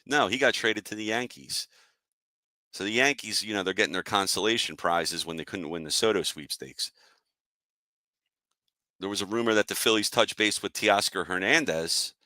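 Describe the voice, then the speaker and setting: A man's voice: on the low side, moderate pace, sharp tone, no echo. A man hosting a casual sports show, ranting in an annoyed, fired-up way and answering chat viewers. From Philadelphia area. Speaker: sports podcast host.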